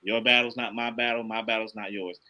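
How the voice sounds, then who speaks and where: A man's voice: fairly low pitch, flat delivery, a little fast, sharp tone, low-quality recording. A middle-aged man speaking earnestly in casual conversation, repeating his points with emphasis like a preacher. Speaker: podcast guest, father.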